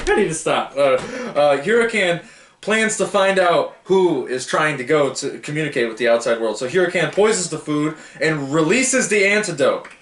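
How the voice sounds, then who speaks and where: Casual male book reviewer, a touch high-pitched, rambling delivery in a roomy echo. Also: a bit bright. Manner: rambling, stumbles over names and laughs at himself.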